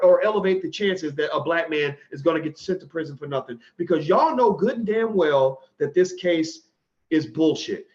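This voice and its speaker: A man talking straight to his viewers in emotional commentary, his voice sitting a little high and full of heat. He stumbles and restarts as feeling overtakes him, near tears. The sound is dull and lo-fi. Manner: impassioned, halting with many restarts. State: fighting back tears. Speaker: commentary channel host. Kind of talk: emotional direct-to-camera commentary.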